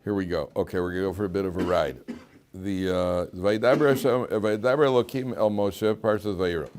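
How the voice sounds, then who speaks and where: A man's voice: low-pitched, a little fast, a little mellow, a little hiss or hum. A man, a rabbi, giving an informal Torah lecture in a conversational, joking way, often repeating and restarting his words. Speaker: rabbi teaching a weekly Torah class.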